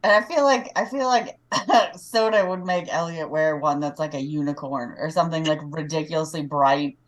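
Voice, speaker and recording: A woman playing in a tabletop game, animated and quick to laugh. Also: low voice, a little hiss or hum. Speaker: player. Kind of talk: tabletop role-play chat.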